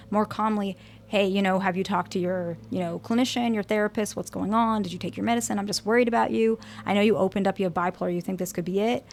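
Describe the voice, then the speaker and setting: Woman, therapist, advice talk, earnest, gravelly, vocal fry, mid pitch. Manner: earnest, explains with everyday examples, repeats words for emphasis.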